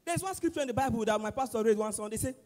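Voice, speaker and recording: A man with a Nigerian accent doing loud, animated stand-up comedy at a church service, acting out his exchanges with a pastor. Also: very high voice, rapid-fire. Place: large church auditorium. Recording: echoey hall with long reverb.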